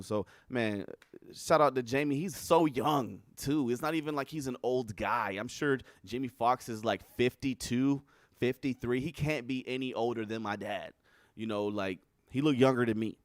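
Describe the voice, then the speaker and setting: Young guy streaming, chatty and rambly, swears a lot, dry room no echo. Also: medium pitch. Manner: rambling, animated, swears freely. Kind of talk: casual chat.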